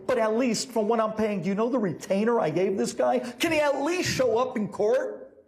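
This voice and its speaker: A frantic businessman facing trial, pleading and exasperated as a storyteller acts him out. His voice runs high and jumps all over the place. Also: sing-song, normal speed, a little mellow.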